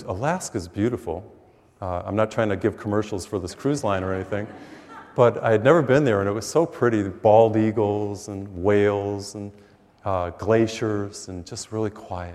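A man who is a priest, giving a sermon and telling stories, acting out the dialogue with lively energy. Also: lowish voice. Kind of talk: sermon with storytelling. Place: church, taped for TV. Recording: long reverb of a church hall.

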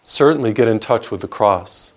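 A man's voice: fairly low pitch, expressive, moderate pace. Earnest preaching priest, a man. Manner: earnest, emphatic preaching with lists of words, dropping soft on tender lines. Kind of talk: televised sermon.

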